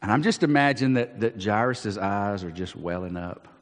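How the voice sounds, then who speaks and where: Lively pastor preaching in a hall. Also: male voice, fairly low pitch, normal speed. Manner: animated, acts out Bible scenes with quoted voices, frequent restarts. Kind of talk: sermon. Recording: long reverb of a large hall.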